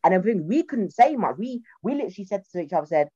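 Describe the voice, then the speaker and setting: A woman's voice: medium pitch, fast talker, slightly rough, dry recording, highs cut off. A young woman with a South London accent chatting casually, telling stories and acting out quoted voices. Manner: animated storyteller, acts out quotes in voices. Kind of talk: casual chat.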